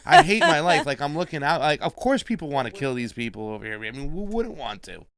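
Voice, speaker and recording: A man's voice: mid-range voice, sing-song, fast talker, smooth. A man co-hosting casual political commentary, loose and slangy, swearing and reading out viewer messages. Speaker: co-host.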